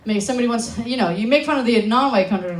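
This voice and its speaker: A young American woman from Alaska works a comedy club crowd with a brash, profane, sarcastic stand-up set. Her voice sits high and bright. The sound has a roomy echo from the club, picked up on a handheld stage mic. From Alaska, USA.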